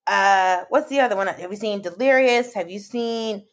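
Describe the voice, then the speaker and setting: A woman's voice: medium pitch, normal speed. A woman comedian chatting as a guest, playful and acting out her reactions as she talks. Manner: playful, acts out her reactions with lots of "like" and "girl". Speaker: comedian and podcast host, guest. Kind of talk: animated casual conversation.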